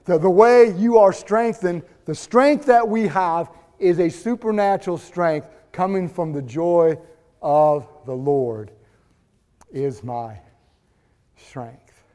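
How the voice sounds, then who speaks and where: A man's voice: high voice, slow pace, dark tone. A man preaching a sermon as pastor, fervent and emphatic.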